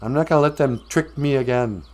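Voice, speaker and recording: A man's voice: medium pitch, brisk, close to an everyday voice. A man voicing Jack, a hapless young farm lad, with a naive, laid-back way of talking.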